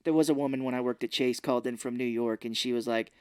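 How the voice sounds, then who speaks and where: A man co-hosting a podcast, casually recapping a movie as an animated storyteller who acts out scenes, into a podcast microphone. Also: medium pitch, quick pace, clear, resonant tone. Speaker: podcast co-host.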